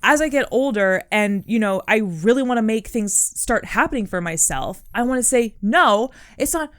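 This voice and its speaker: Earnest young woman with a smooth voice. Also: a little high, lively intonation, moderate pace. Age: young adult. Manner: earnest, encouraging, heavy use of "like" and "um". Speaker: podcast co-host. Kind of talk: casual chat.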